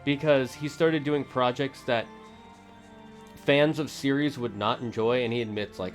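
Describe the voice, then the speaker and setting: Man, streamer, casual rambling chat, middle-pitched voice, faint game music. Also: steady tone, measured pace. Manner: rambling, self-correcting, opinionated. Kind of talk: casual let's-play chatter.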